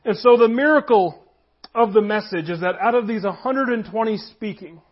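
High-pitched guy preaching, chatty storytelling sermon, kinda muffled low-fi audio. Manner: conversational, storytelling, reads scripture aloud. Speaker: pastor. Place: church room with congregation.

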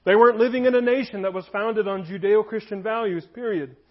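A man in his thirties delivers a sermon in an easy, conversational way. His voice sits high for a man. The recording sounds dull and lo-fi. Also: a little fast. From United States. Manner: conversational preaching, shifts into voiced anecdotes. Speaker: pastor. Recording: dull lo-fi audio.

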